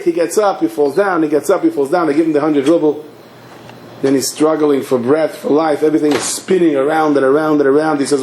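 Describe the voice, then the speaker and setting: During a sermon, a rabbi tells a story quickly and animatedly, acting out each scene. His fairly high voice echoes around a hall, with a faint hiss underneath.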